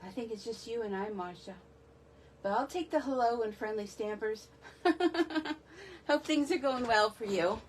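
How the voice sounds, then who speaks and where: A woman from the northeastern United States hosts a casual live stream from her home craft room, rambling as she chats and greeting viewers by name. Her fairly high voice is expressive and unhurried, with slight background noise.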